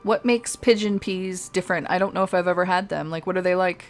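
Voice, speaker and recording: A woman's voice: fairly low pitch, fairly even intonation, a little fast, faint music behind. A woman streaming a game live, chatting casually and rambling, laughing often. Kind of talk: casual chat over gameplay.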